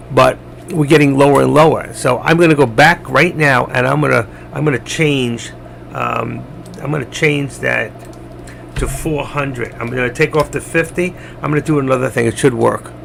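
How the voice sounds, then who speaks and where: A man with a gravelly edge to his voice talks loosely and chattily on a live stream as he walks viewers through trades. He rambles, replies to people in the chat, and keeps it informal. A faint hiss sits under the recording. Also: medium pitch, steady tone, moderate pace, a bit bright. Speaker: trading live stream host. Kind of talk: casual live trading commentary.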